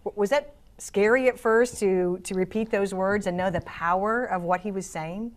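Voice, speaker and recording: A woman's voice: medium pitch, moderate pace. Woman host asking interview questions. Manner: conversational, encouraging questions. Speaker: show host.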